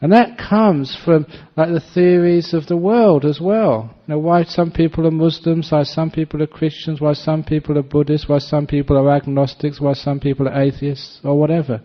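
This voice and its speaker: Storytelling monk on a dull recording. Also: male voice, on the high side, fairly even intonation, normal speed, hardly any pauses. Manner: anecdotal storytelling, often laughing. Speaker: Buddhist monk. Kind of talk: dharma talk.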